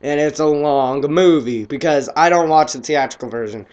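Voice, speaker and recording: A teenage boy casually reviewing a film, excitable and rambling, his voice often trailing off quietly. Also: fairly high pitch, normal speed, muffled recording.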